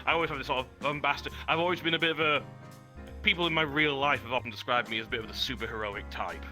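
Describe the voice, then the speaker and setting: Bright, posh-sounding English man. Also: mid-range voice, fast, soft background music. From West Country of England. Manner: verbose, self-deprecating, laughs often. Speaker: guest streamer. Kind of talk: casual chat.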